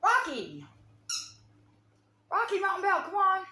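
High bright-voiced woman calling her dogs. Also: wildly swooping pitch, takes it slowly, reverberant. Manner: scolding and coaxing her dogs, calling out commands. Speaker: dog owner filming her pets. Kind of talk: casual home vlog narration. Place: home, near a kitchen.

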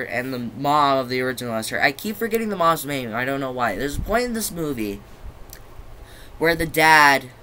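Bright-voiced young man rambling, swearing. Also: medium pitch, a little hiss or hum. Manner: rambling, loses his train of thought, swears freely. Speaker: movie reviewer. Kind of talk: casual video review.

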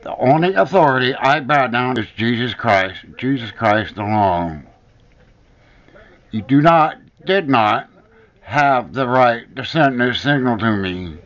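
A man's voice: mid-range voice, animated, slow, fairly bright tone. A man delivering a heated, profane rant to the camera, hammering home repeated accusations. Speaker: vlogger. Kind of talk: angry personal rant to the camera. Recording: dull lo-fi recording.

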